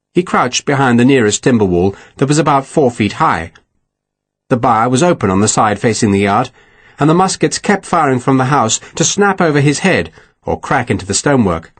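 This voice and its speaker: A man narrating an audiobook with expressive, dramatic reading. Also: medium pitch, husky.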